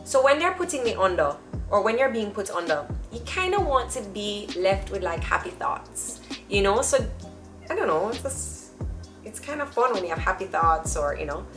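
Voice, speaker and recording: A woman telling a personal story to camera in a chatty, animated way, acting out the people in it. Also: mid-range voice, moderate pace, reverberant, music in the background. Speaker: vlogger.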